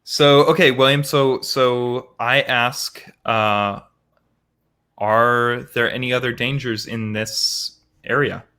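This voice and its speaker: A man's voice: mid-range voice, steady tone, slow, bright, forceful tone, clear, resonant tone. A man playing a tabletop game, hesitant and giggly as he asks questions. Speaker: player.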